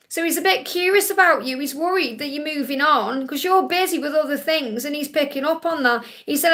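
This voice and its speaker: A woman's voice: high-pitched, fairly quick, few pauses, bright, forceful tone. A woman hosting a live spiritual reading stream on a tablet, relaying messages in a soothing, reassuring way. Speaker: psychic reader hosting a live Q&A.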